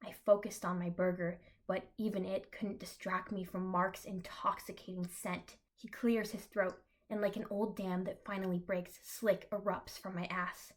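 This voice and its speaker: Deadpan young woman reading her own story. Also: mid-range voice, normal speed, hardly any pauses. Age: young adult. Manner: deadpan narration, breaking off with dry asides. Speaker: reader of her own fan fiction. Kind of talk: comic reading aloud with asides.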